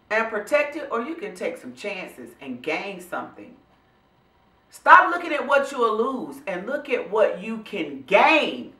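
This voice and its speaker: Animated, bright-voiced woman vlogger in an echoey room. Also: medium pitch. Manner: animated, preachy, addresses viewers as y'all and honey. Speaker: vlog host and professional speaker. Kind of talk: motivational casual talk to camera.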